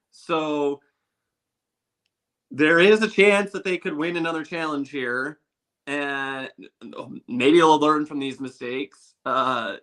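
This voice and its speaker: A man chatting casually as a podcast guest over a video call, animated and quick, with many fillers. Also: medium pitch. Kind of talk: casual chat.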